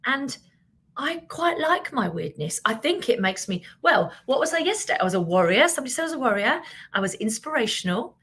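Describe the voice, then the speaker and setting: Chatty fast-talking British woman. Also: a little high, husky. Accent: British English. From Britain. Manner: fast-talking, animated, chatty and self-mocking. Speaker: business coach hosting a live stream. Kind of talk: casual live-stream chat, reading out viewer comments.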